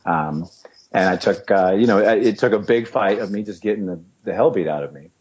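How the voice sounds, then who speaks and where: A man's voice: fairly low pitch, brisk. A middle-aged man, a retired fighter, chatting as a guest and animatedly acting out quotes as he tells his stories. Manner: animated storyteller, acts out quotes, laughs often. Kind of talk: casual interview chat. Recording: dull lo-fi podcast audio.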